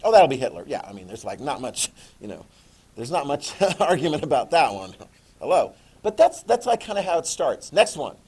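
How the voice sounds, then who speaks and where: A middle-aged man giving a classroom history lecture in a jokey, animated way, acting out quick voices. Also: a little high, breathy edge. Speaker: history teacher.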